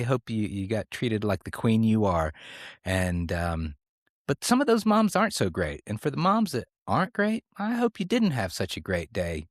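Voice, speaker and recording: A man's voice: mid-range voice, no echo, clean studio sound. A man co-hosting a comedy podcast, rambling in a playful, mock-serious way. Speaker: podcast co-host. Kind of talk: casual comedic podcast chat.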